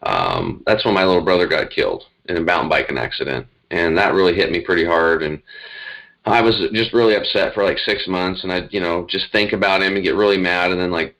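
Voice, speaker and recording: In a low-quality recording, a low-pitched, fairly quick man with a fairly bright tone shares his life story in a casual interview. He's a middle-aged health coach whose earnest, meandering telling is full of fillers and restarts.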